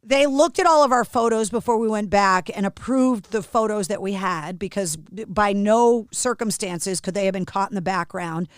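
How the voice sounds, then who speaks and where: A woman's voice: mid-range voice, moderate pace, few pauses, clear, resonant tone, no echo, clean studio sound. A middle-aged woman hosting a podcast who tells stories vividly and casually, with some swearing. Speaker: podcast host. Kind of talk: casual storytelling chat.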